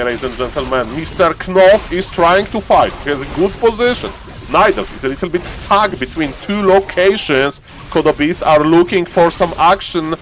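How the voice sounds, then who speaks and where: A man casting a strategy game live on stream, joking around and yelling excitedly when fights break out. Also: slight background noise. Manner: playful, jokey, bursts into excited high-pitched yelling in fights. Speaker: esports caster.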